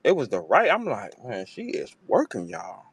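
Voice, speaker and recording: Animated, profane man hosting a talk space. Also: lowish voice, normal speed, gravelly, slightly rough, dry recording. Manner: profane, animated, slips into mocking voices when quoting. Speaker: host of a battle rap talk space. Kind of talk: casual chat. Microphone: online audio room.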